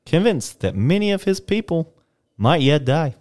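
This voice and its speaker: A man's voice: a little high, sing-song, normal speed, darkish tone. A young man casually reading old newspaper history on a podcast, with playful asides and the odd put-on voice.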